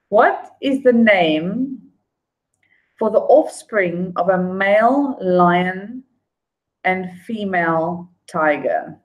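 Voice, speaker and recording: A woman hosting a casual trivia night, reading each question slowly and twice, with laughing apologies and humming between questions. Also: medium pitch, animated, low-quality recording. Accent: non-local accent. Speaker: trivia quiz host.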